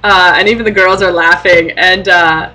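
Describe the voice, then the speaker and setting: A woman's voice: on the low side, fairly even intonation, moderate pace, bright, forceful tone, poor audio. A young woman vlogger telling funny stories casually to camera, with many fillers and laughing asides.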